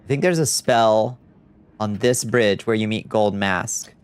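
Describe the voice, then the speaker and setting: A man's voice: on the low side, measured pace, smooth. A young man streaming a video game live, chatting casually, answering chat and laughing easily. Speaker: VTuber streamer. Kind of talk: live-stream gameplay commentary.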